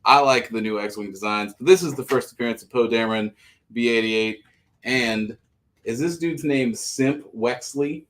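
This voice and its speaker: A man hosting a live comic book sale, pitching each issue in a joking, profane, auctioneer-style way. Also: normal speed, fairly bright tone. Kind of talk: casual live-stream sales patter.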